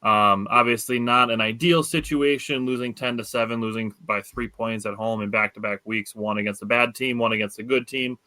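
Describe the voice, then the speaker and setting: A man's voice: medium pitch, fairly even intonation, moderate pace, hardly any pauses, pushed and bright, no echo. A man with a Wisconsin accent hosting a casual sports podcast, talking loosely with lots of fillers. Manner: loose, filler-heavy, enthusiastic. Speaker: podcast host.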